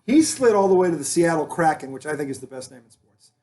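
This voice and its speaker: A man's voice: on the high side, animated, fast, dark tone. A man hosting a casual sports talk show, rambling and joking with frequent restarts. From Boston area.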